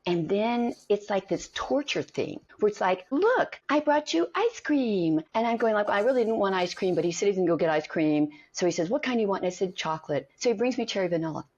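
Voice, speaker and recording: Talking fast with hardly any pauses, a middle-aged woman who coaches actors spins stories in a conversation and voices each character she quotes. Her pitch is mid-range, and the recording is dull and lo-fi.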